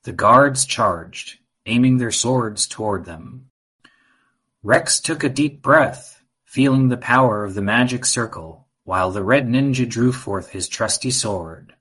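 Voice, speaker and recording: A man narrating a children's adventure story in an even, measured reading. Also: mid-range voice, husky.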